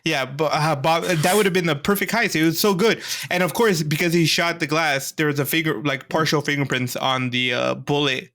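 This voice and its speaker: A man co-hosting a podcast, recapping a series in an animated, excitable way. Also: on the high side, fairly quick, hardly any pauses. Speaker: podcast co-host. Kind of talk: casual show review chat.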